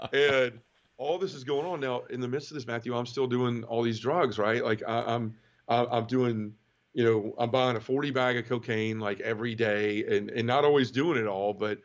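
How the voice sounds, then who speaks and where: A middle-aged man from the southern United States, giving an emotional personal testimony in an interview, halting and full of restarts. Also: medium pitch. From Memphis area, southern United States. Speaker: guest. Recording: dull lo-fi audio.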